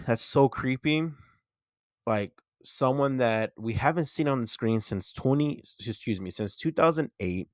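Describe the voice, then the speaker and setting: A young man hosting a movie channel, chatting excitedly and correcting himself as he breaks down a trailer. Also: mid-range voice, a little slow, no room sound, muffled recording. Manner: excited, chatty, self-correcting fan talk.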